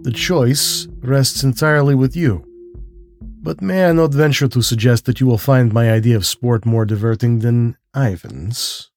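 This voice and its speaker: A man's voice: medium pitch, unhurried, darkish tone, faint music behind, natural voice. A man reading a storybook, voicing a suave, courtly aristocratic hunter with polished, genteel speech and a slight lift in his voice.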